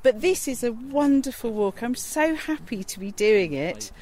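A woman's voice: on the high side, very animated, moderate pace, darkish tone. A woman radio presenter chatting enthusiastically on an outdoor walk, recorded outdoors on a handheld recorder. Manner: enthusiastic, chatty, laughs often. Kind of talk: outdoor radio feature chat.

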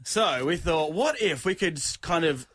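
A man with an Australian accent, a radio co-host telling a story in casual, animated banter. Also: fairly high pitch, moderate pace, a little hiss or hum. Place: radio studio.

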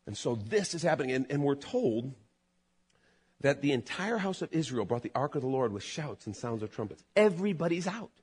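A man preaching a sermon as pastor, animated, building to loud emphatic peaks and then dropping low. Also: brisk, husky.

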